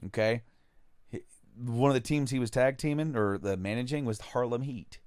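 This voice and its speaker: A man's voice: mid-range voice, moderate pace, a little mellow, no room sound, clean studio sound. A man co-hosting a podcast, recapping a comic in rambling casual chat. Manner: rambling, laughs often, full of fillers. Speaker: podcast co-host.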